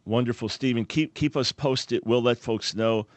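A man with a New York accent hosting a radio talk show, energetic as he introduces callers and plugs websites. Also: medium pitch, normal speed, no echo.

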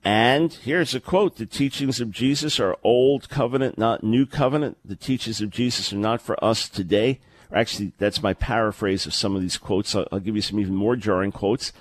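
Male radio host, low earnest voice, dry close sound, conversational with word repeats. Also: normal speed, no echo. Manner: earnest, conversational, repeats words when starting sentences. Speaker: radio talk show host. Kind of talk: live call-in radio talk. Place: remote location, early morning.

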